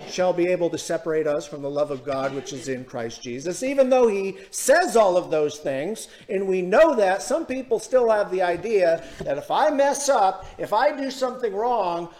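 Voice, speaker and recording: A man with a high, light voice preaches from the pulpit. He speaks earnestly and drags out key words for emphasis. He often asks questions of his listeners. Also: a little mellow. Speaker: pastor. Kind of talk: sermon.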